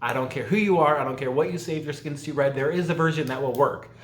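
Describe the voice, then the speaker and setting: A man's voice: a little high, fast talker, a bit bright, roomy sound. A man vlogging casually at home, rambling and stopping himself mid-thought, with a laugh never far off. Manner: rambling, self-interrupting, laughs often. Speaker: YouTube vlogger. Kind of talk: casual chatty tag video.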